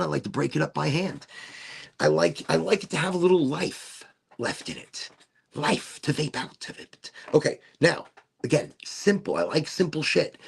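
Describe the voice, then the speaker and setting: A man's voice: on the high side, gravelly, slightly rough. A middle-aged man casually demonstrating a vaporizer on a livestream, playful and prone to silly asides.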